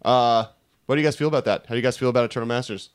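A man co-hosting a casual podcast who gets excited easily and laughs often while he chats. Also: mid-range voice, racing, smooth. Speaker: podcast co-host.

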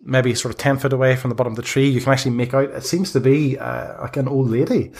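A man narrating as game master for a tabletop game, halting and full of fillers. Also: mid-range voice, steady tone, a little mellow.

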